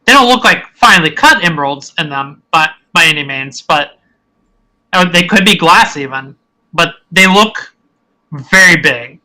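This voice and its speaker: Bright-voiced male game master narrating. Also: fairly high pitch, expressive, unhurried, low-quality recording. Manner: rambling, searching for words as he describes scenes.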